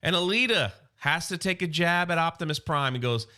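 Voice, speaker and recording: A man's voice: on the high side, animated, brisk, few pauses, pushed and bright. A man casually recapping a comic story as an enthusiastic fan, loose and chatty with some restarts. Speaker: comic book YouTuber.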